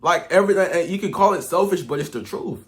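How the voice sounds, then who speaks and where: A young man giving a casual, rambling motivational rant to camera, slangy and profane, with his loudness swinging up and down. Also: high voice, animated, fast. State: out of breath. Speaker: online coach.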